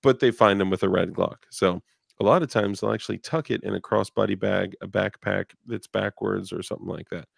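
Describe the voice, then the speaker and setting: A man's voice: lowish voice, steady tone, a little fast, gravelly, dry recording, studio quality. A male podcast host in casual chat, rambling and joking about himself. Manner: rambling, self-deprecating, joking.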